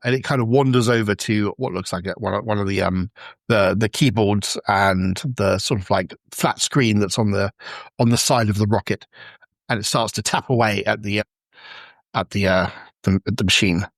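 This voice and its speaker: A man's voice: fairly low pitch, normal speed, no room sound, clean studio sound. A man running a tabletop game, narrating the scene in a loose, improvised way full of "sort of" and "like". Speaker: game master.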